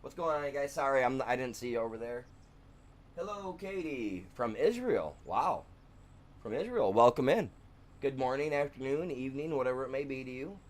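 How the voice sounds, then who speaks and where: A middle-aged man from Michigan, live-streaming a farming game and telling a long, animated story in casual, slangy chat. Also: mid-range voice, brisk.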